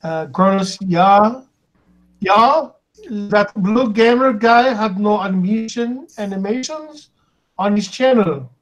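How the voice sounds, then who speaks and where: A man's voice: high-pitched, takes it slowly, highs cut off. A man hosting a casual live stream, reading viewer comments aloud and stumbling over the names.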